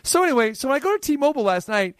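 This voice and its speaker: A man hosting a radio talk show, telling a long story in a casual, animated way and acting out the lines of the people in it. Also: extremely high pitch, very fast, smooth, no room sound, studio quality.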